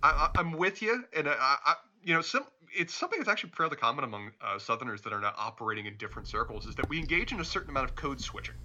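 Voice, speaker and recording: Bright-toned man with a mild Southern accent. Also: mid-range voice, big pitch swings, rapid-fire, few pauses, dull audio. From Charlotte, North Carolina. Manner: thoughtful, stammering restarts. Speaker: podcast co-host. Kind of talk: casual recap chat.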